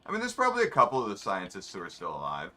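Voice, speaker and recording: A man's voice: lowish voice, huge pitch swings, racing, bright, forceful tone. A man, rambling in wry, offhand asides while commenting on his racing game. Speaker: gamer streaming a race. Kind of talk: casual gameplay commentary.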